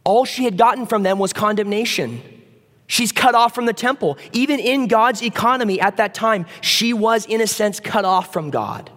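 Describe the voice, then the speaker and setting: A man preaching a sermon in a conversational, animated way, acting out the voices of the people in the story. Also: high-pitched, normal speed. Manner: conversational, animated, acts out voices of biblical figures. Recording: long reverb of a hall.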